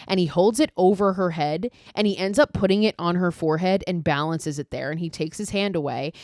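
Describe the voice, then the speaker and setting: This podcast host has a fairly low, darkish voice and talks briskly as she casually recaps a film, swearing and saying "like" constantly. The clean studio sound has no echo.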